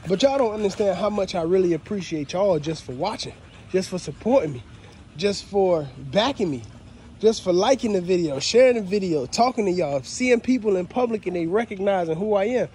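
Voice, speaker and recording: Guy thanking his viewers over and over, high voice, phone vlog outside by the dog yard, some faint noise. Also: animated, fairly quick, darkish tone. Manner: heartfelt, repetitive, addresses viewers as fam. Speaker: dog breeder vlogger. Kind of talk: casual thank-you vlog. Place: outdoor dog kennel yard. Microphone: phone held while walking outdoors.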